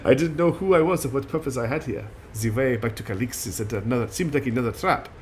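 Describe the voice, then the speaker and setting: A man voicing a stern, brooding female warrior guardian in a game, with a put-on French accent that slips, speaking low and solemn. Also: fast talker, darkish tone, slight background noise, natural voice. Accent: put-on French, slipping. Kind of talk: reading game dialogue aloud.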